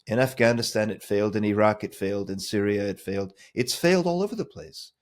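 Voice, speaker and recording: A man's voice: on the low side, fast. A man co-hosting a discussion podcast over a remote call, arguing his points emphatically. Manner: emphatic, argumentative. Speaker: podcast co-host. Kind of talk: casual discussion.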